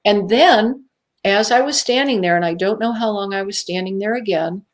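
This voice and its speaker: Animated woman telling a vivid story. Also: medium pitch, normal speed. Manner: vivid storyteller who acts out her own inner voices. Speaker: guest. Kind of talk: telling a personal story on a talk show.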